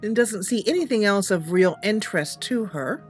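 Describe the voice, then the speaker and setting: A woman's voice: mid-range voice, normal speed, faint music behind. A woman host narrating a video game roleplay, mixing story narration with casual asides. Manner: lively narration with asides and laughter.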